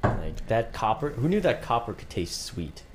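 A man chatting casually as a podcast co-host, joking and sarcastic with quick asides. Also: fairly low pitch, big pitch swings. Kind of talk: casual chat. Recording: faint background hiss.

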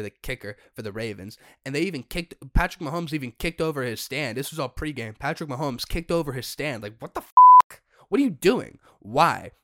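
A young man hosting a solo podcast, ranting in an exasperated way with sudden loud outbursts. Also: mid-range voice, no room sound, studio quality. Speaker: podcast host.

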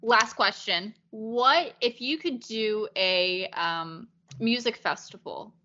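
A woman's voice: on the high side, slow, dull audio, a little hiss or hum. A young woman asking casual questions as interviewer, enthusiastic and laughing often. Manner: lively, laughs a lot, enthusiastic. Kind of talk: casual chat.

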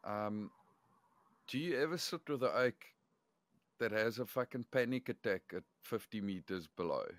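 A man with a fairly low voice hosts a casual podcast, cutting in with quick questions and short agreements. His voice sounds dry and close, with no room echo. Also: expressive. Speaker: podcast host.

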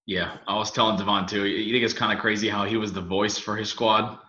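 A young man hosting a podcast, chatting casually and telling animated stories with lots of fillers. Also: lowish voice, fairly quick. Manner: animated storyteller, mimics voices, many fillers. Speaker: podcast host. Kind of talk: casual chat. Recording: echoey room, dull lo-fi sound.

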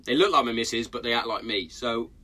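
A man's voice: medium pitch, fairly quick, sharp tone. A man in his thirties hosting a casual podcast from his garden shed, blunt and sweary in his banter. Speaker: podcast host. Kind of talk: casual chat.

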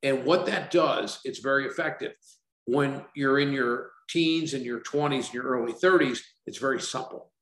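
A man in his sixties, a company founder chatting in an interview, telling stories lively and acting out the voices of people he quotes. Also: medium pitch, moderate pace, roomy sound, rough recording. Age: 60s. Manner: animated storyteller, acts out quoted dialogue. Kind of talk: casual interview talk.

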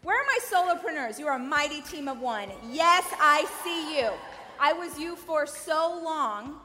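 High-voiced woman giving a lively keynote. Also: moderate pace. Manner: lively, coaching the audience with direct questions. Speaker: keynote speaker. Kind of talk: energetic conference keynote. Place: large conference hall. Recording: reverberant hall.

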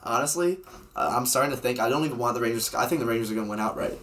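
A young man co-hosting a podcast, chatting about hockey in a teasing, sarcastic, rapid-fire way. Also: mid-range voice, a bit bright, slight background noise. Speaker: podcast co-host. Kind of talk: casual sports banter.

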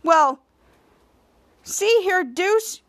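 A woman's voice: very high-pitched, expressive, drawn-out words, fairly bright tone, dry recording, voice pushed up, exaggerated voice. A woman voicing an indignant, blustering male superhero, quoted in a TV recap. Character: blustering grown male superhero, easily flustered.

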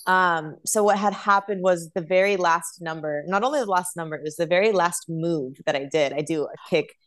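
Chatty young woman, a bit low. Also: moderate pace. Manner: chatty, animated storytelling. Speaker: guest, professional dancer. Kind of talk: casual interview chat.

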